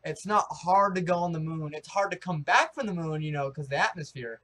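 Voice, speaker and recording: Excitable high-voiced young American man. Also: brisk. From United States. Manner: rambling, excitable, with many restarts and fillers. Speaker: vlogger. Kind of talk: casual rambling opinion vlog.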